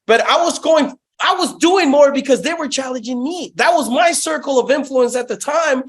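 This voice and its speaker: A man's voice: extremely high pitch, normal speed. A young man telling sales stories in a casual interview, profane and hyped, saying "bro" constantly. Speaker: guest, sales company founder.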